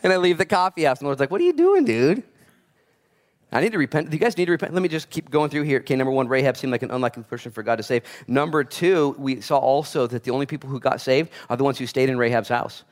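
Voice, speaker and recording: A man preaching a casual, conversational sermon, animated and joking as he acts out the voices of people in his stories. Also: mid-range voice, rapid-fire, hardly any pauses. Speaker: pastor.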